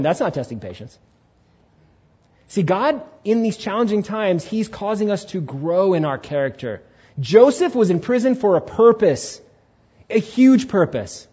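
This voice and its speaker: A man preaching a Sunday sermon as pastor, animated, acting out inner voices and asking the congregation questions. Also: sits high, husky, highs cut off. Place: church sanctuary.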